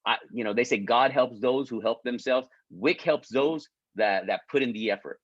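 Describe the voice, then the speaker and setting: A man's voice: mid-range voice, moderate pace, no room sound. Male coach, casual pep talk, restarts often, mid-range voice, close and dry, muffled lo-fi sound. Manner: repetitive, stumbling restarts, keeps asking "right?"; encouraging, pleading with listeners. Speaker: business coach leading an online group.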